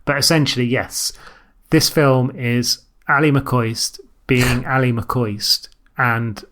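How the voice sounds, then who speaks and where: A man co-hosting a film podcast, talking at length in a quick, explaining way. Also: mid-range voice, fairly even intonation, a bit bright, a little hiss or hum. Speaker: podcast co-host. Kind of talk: casual film chat.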